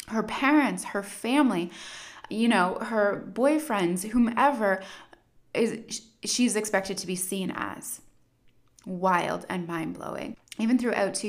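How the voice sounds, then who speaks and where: A woman talking through her analysis in a loose, conversational way. She leans on fillers and slips into little quoted voices as she goes. Her pitch sits in an ordinary middle range. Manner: chatty, many "like" and "you know" fillers, drops into quoted voices. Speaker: commentator analyzing a documentary. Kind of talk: casual spoken analysis.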